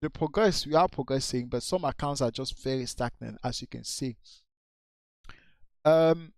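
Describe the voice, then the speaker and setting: A man slowly reviewing an account's social media posts, repeating his advice in a coaching way. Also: medium pitch, no room sound. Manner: slow, repetitive, coaching. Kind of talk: casual screen-share review.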